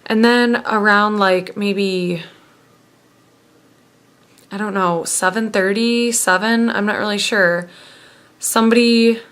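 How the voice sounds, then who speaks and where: A woman's voice: medium pitch, fairly even intonation, takes it slowly, long pauses, fairly bright tone. A young woman telling a casual personal story to camera, rambling and full of fillers. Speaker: vlogger.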